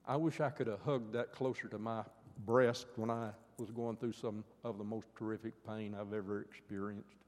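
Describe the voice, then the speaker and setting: A man's voice: lowish voice, fairly even intonation, normal speed, few pauses. Older guy preaching, earnest, rises and falls, long echo like a big church hall. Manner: earnest, rising to fervent pleas then dropping soft. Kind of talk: sermon.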